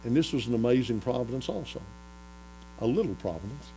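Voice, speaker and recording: A man preaching a folksy sermon, retelling a Bible story and getting louder as he goes. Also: medium pitch, brisk, rough recording. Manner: animated, rises to loud excitement when retelling the story. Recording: faint mains hum.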